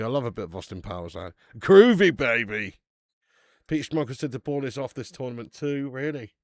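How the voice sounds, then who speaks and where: Chatty football watch-along host. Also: male voice, mid-range voice, no room sound, studio quality. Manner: chatty banter, swears freely, calls everyone mate. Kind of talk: casual live football watch-along chat.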